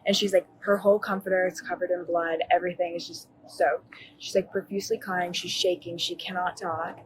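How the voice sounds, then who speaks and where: A woman's voice: on the low side, level tone, fairly quick, slight background noise, low-quality recording. A young woman recounting a night's events to a police officer, rambling with lots of "like" and correcting herself as she goes, recorded by a body camera in a college dorm. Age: young adult. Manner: rambling, fillers of "like", self-correcting. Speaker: witness talking to police.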